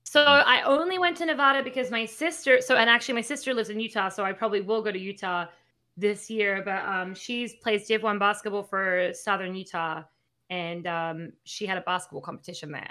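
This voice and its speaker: A woman's voice: medium pitch, brisk. A woman, chatting casually and telling stories. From Australia. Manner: chatty, animated storytelling. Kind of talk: casual chat.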